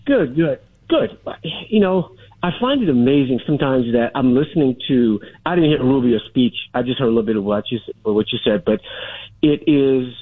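A man's voice: medium pitch, expressive, moderate pace, husky, no room sound. A middle-aged man calling a radio show, arguing insistently and holding his ground over interruptions. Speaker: caller. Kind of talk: radio call-in talk. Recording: phone line.

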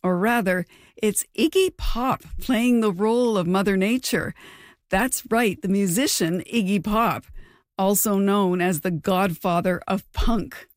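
A woman hosting an interview podcast. She speaks clearly and conversationally, at a mid pitch. The sound is dry and close, with no room behind her. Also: unhurried, dry recording. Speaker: podcast host.

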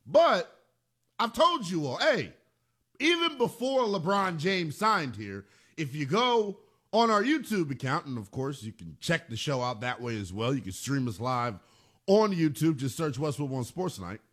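A sports radio host talks in a high, bright register that swings widely as he drives home each point. He is emphatic and animated, and he leans on repeated phrases for punch. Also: unhurried. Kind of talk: sports talk radio monologue.

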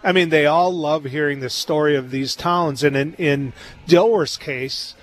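A man's voice: on the high side, unhurried. Upbeat chatty male radio host. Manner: upbeat, chatty, many fillers. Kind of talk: casual radio interview.

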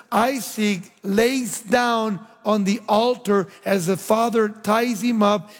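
A man preaching a sermon, swinging between loud emphatic lines and low, hushed endings. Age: young adult. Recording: long hall reverb.

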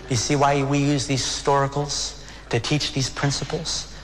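A man preaching a sermon as a pastor, earnest and emotional, slowing down for dramatic pauses. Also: mid-range voice, level tone, big-room sound.

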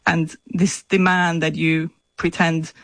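A woman from Romania, a novelist speaking in an interview in a slow, thoughtful, measured way. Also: low voice, flat delivery, dry recording, low-quality recording. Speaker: novelist guest. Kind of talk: remote interview.

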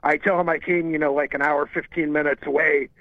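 A man's voice: a little high, level tone, fairly quick, dry recording. Man calling in over a muffled line. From Ohio. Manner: storytelling, easygoing. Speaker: caller. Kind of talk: casual call-in chat. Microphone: phone. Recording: muffled phone line, dry.

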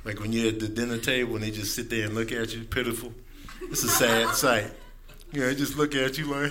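A man doing a stand-up comedy set, animated and playful, often breaking into high put-on voices. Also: a little fast. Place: comedy club stage. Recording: noisy live club with audience laughter.

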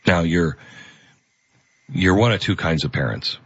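A man's voice: sits low, measured pace, a bit bright, slightly rough, dull audio. A male host giving earnest, emphatic opinion commentary.

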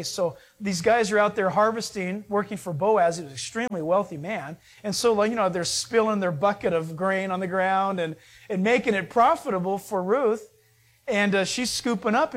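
A man preaching a sermon, retelling the story in a casual, conversational way and acting out the people's lines. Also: high voice. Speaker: pastor.

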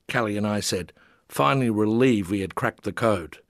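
An older man reading his travel memoir in a lowish voice, measured and gently amused. The sound is close and dry, with no room around it. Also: dry recording. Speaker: memoir narrator.

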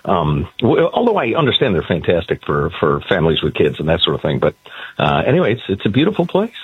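A man's voice: deep voice, huge pitch swings, fast talker, breathy edge, dry recording. A male co-host calling in by phone from a port while on vacation, chatting wryly and sliding into a sardonic rant. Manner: wry, sardonic, breaks into a rant. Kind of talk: casual chat. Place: outdoors by a port. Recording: tinny phone line.

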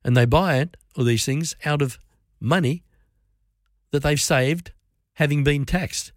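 A man's voice: on the high side, a little slow, no room sound. Aussie radio guy ranting about stuff, chatty, rattles off numbers, dry close mic sound. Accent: Australian. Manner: conversational, reels off figures with asides. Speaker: radio host. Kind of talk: opinionated talk-radio commentary.

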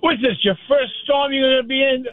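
High-pitched male caller on a tinny phone. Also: a little fast, no echo. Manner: blunt, teasing, repeats himself. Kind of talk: call-in on talk radio. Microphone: phone line.

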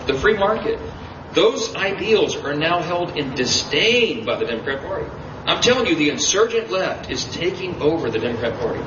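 A man giving an emphatic campaign stump speech at an event, often restarting and repeating phrases. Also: a little high. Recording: echoey, distant, muffled, with background noise.

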